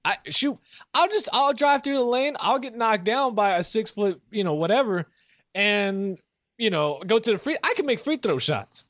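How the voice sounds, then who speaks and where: A man's voice: high-pitched, lively intonation, normal speed, a bit bright, no room sound, studio quality. A young man hosting a solo sports show, rambling casually and mocking himself as he rants. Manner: casual, rambling, self-mocking, laughs often. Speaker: sports podcast host.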